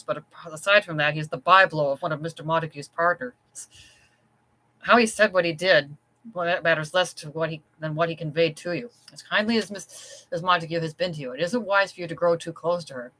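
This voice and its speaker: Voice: mid-range voice, sharp tone, lightly acted, rough recording. A reader voicing a stern housekeeper. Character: stern but caring older housekeeper.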